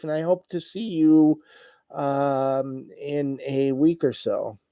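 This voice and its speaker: Host, middle-aged man, casual live chat, tired and halting, mellow dry voice. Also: fairly high pitch, fairly even intonation, clean tone, no echo. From United States. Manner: halting, many fillers and restarts, emotional. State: tired, voice wearing out. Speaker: livestream host. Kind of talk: casual live chat reading viewer comments.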